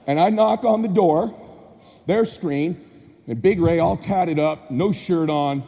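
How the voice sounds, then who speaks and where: A man's voice: fairly high pitch, takes it slowly. A man giving a motivational speech, telling a childhood story to an audience and acting out voices. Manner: animated, acts out voices with shouts. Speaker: motivational speaker. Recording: reverberant hall, faint ambience.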